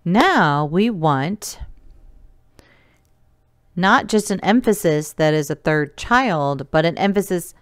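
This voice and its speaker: Lady teacher doing a recorded web design class, slow and patient, smooth clear voice, dry close mic. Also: fairly low pitch, lively intonation, no echo. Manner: patient, step-by-step explaining, counting aloud. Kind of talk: recorded remote coding lesson.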